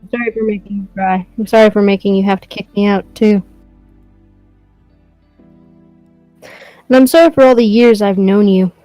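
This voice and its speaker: A woman's voice: mid-range voice, fairly even intonation, fairly quick, mellow, no room sound, faint music behind, natural voice, poor audio. A woman voicing a brooding young male rocker ex-bandmate in game dialogue, bitter and wounded. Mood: apologetic.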